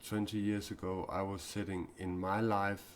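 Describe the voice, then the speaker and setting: Low-voiced male spiritual speaker, halting and heartfelt, live-stream monologue. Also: little pitch movement, slight background noise. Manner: earnest, confessional, halting. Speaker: self-described mystic and spiritual speaker. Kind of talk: improvised live-stream talk.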